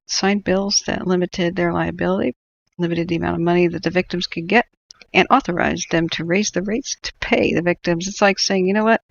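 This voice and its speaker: A woman's voice: fairly low pitch, creaky, muffled recording. A woman hosting a wildfire-tracking livestream, giving sardonic, rambling commentary and laughing often. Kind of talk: live stream commentary.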